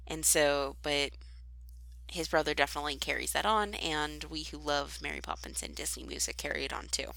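A woman's voice: deep voice, steady tone, normal speed, vocal fry, sharp tone, dry recording, poor audio. A young woman co-hosting a podcast, explaining things earnestly and with enthusiasm in casual chat. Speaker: podcast co-host.

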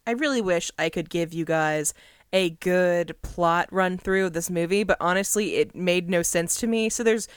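A woman's voice: fairly low pitch, smooth, no echo. A young woman co-hosting a casual podcast, giving dry, wry commentary on a movie. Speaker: podcast co-host. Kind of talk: casual chat reviewing a movie.

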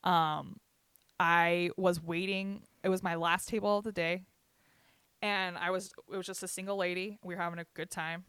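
A young woman co-hosting a podcast, venting bluntly with lots of swearing and telling animated stories between laughs. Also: fairly low pitch, moderate pace, smooth, no room sound. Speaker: podcast co-host. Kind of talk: casual chat.

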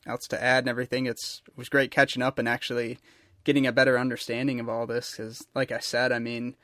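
A man's voice: mid-range voice, flat delivery, quick pace, sharp tone, no room sound, studio quality. A man interviewing a guest in a casual chat, rambling enthusiastically.

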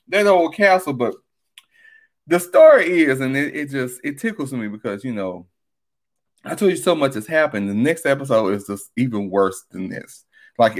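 A vlogger in a casual commentary monologue, animated and exclamatory, swearing freely and cackling often. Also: mid-range voice.

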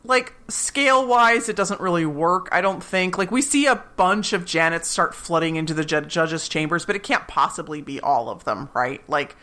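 A woman's voice: lowish voice, normal speed, few pauses. A woman co-hosting a podcast, animatedly recapping a TV episode and acting out the characters. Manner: animated, acts out quoted characters. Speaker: podcast co-host.

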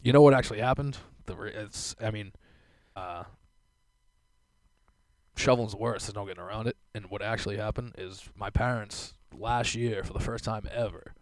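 A young man, rambling through a story and swearing freely, with laughs tossed in. His voice sits fairly low. The sound is dry and close, with no room echo. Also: normal speed. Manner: profane, rambling, laughing asides. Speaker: solo vlogger. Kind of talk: casual storytelling monologue.

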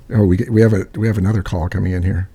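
A man's voice: sits low, level tone, quick pace, dark tone, breathy edge. A man hosting a call-in show, telling a rambling, profane story full of fillers. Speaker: host. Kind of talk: casual storytelling.

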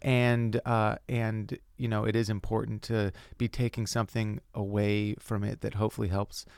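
A man talking in a relaxed podcast conversation, thoughtful and earnest, often restarting his sentences. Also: on the low side, normal speed, vocal fry, clean tone, no room sound, clean studio sound. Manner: reflective, earnest, trailing restarts. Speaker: podcast guest. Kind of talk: casual podcast chat.

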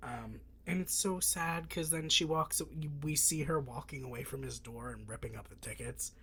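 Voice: mid-range voice, normal speed, a crowd in the background. A podcast host chatting casually about a film, laughing often and trailing off mid-thought.

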